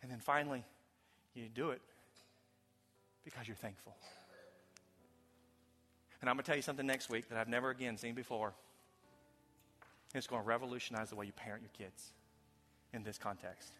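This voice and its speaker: Bright-voiced man preaching in a hall. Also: mid-range voice, steady tone, normal speed, long pauses, soft background music. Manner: emphatic preaching, swings from loud to hushed. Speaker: pastor. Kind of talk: sermon. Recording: long hall reverb.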